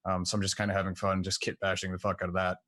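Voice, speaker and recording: A man from the American South chats as a tabletop player. He has a fairly low voice and a loud, joking manner. The mic is close and dry. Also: completely flat delivery, rapid-fire, no echo. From Southern United States. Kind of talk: casual chat.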